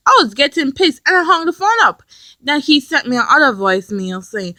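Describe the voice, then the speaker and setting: Lively young woman telling a story. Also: high voice, a little fast, no echo. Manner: excited, animated retelling. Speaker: vlogger. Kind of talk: storytime vlog.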